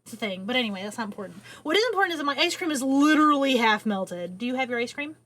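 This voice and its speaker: A woman chats on a late-night livestream from her home setup, rambling loosely and swearing without a second thought. Her voice sits a little high and bounces widely in pitch, speaking close into a boom arm mic. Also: lively intonation, rapid-fire, fairly bright tone. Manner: rambling, chatty, swears casually. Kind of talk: casual late-night stream chat.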